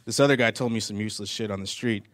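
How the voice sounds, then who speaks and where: A man's voice: on the low side, racing. A man doing a stand-up comedy set on a live stage, telling rambling stories and often laughing at his own jokes.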